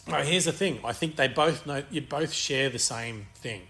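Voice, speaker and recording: A man's voice: mid-range voice, normal speed, gravelly, fairly bright tone. A man co-hosting a podcast, rambling crudely through casual banter and swearing freely. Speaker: podcast co-host.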